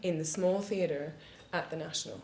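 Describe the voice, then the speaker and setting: This woman's low-pitched, slightly mellow voice moves at a moderate pace. She's a guest on a live panel before a studio audience, telling candid stories laced with profanity and laughing a lot, and the audio has a roomy echo with faint background hiss.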